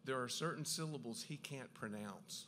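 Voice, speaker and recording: A man giving an enthusiastic Bible talk, with quick asides and frequent restarts as he explains. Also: medium pitch, bright, forceful tone, a little hiss or hum. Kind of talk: lively lecture on the Gospels.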